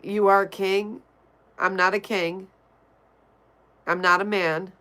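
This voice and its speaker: A woman's voice: medium pitch, fairly even intonation, slow pace, bright, forceful tone, clear, resonant tone. A woman streamer reading her chat aloud and answering it bluntly and offhandedly, vaping between remarks. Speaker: livestreamer. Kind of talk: casual chat reading viewer comments.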